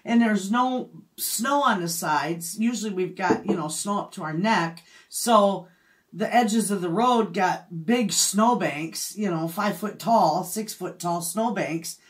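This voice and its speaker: A woman's voice: mid-range voice, takes it slowly. Chatty middle-aged woman. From Michigan, USA. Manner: chatty storyteller, laughs often. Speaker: homestead vlogger. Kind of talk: casual chat.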